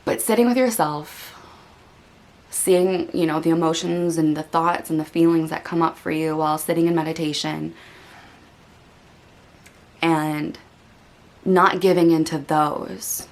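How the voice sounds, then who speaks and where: Woman with a lowish voice, chatty and heartfelt, lots of "like" and "you know", getting a bit emotional. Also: fairly even intonation, measured pace, long pauses. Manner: earnest, open and reflective, with many "like" and "you know" fillers. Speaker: meditation channel host. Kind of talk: candid personal talk to camera.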